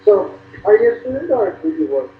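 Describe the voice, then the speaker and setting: Brief: man on the far end of a video call, hesitant, slightly higher voice, faint hiss behind. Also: big pitch swings. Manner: hesitant, with pauses and restarts. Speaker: foreign conversation partner on a video call. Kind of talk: casual video call chat. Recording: thin phone-like call audio in an echoey room.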